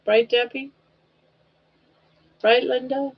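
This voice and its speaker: This older livestream host has a high voice with fairly even intonation and takes things slowly. She rambles casually, reads viewers' comments aloud and coos at her dog, all captured in dull, lo-fi livestream sound.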